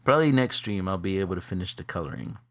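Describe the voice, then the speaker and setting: A man's voice: low voice, very animated, creaky, a bit bright. A man co-hosting a live drawing stream, chatting casually and laughing often. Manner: laughs often, drawn-out exasperated remarks. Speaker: co-host of an art stream. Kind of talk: casual chat while drawing.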